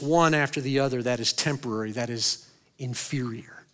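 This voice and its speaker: A man preaching a sermon as pastor, swinging between loud, high bursts and quiet, low stretches, and asking the congregation questions he answers himself. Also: steady tone, moderate pace.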